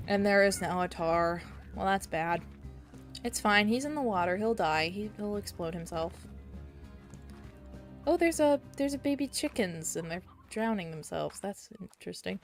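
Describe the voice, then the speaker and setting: A woman streaming a game, chatting casually and getting excited easily, with giggles. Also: medium pitch. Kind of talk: casual gameplay stream chat.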